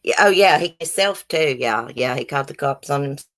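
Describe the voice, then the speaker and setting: A woman's voice: low-pitched, expressive, a little fast, a bit bright. A woman from the American South with a Southern accent, hosting a casual live stream, chatting frankly and bluntly with her viewers as she reads their comments. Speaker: YouTube live stream host.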